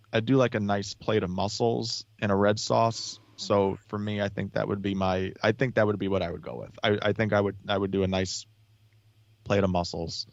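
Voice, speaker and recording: A man's voice: fairly low pitch, flat delivery, moderate pace, vocal fry, no room sound, lo-fi sound. A man talking as a podcast guest in a casual chat, rambling with many restarts and fillers.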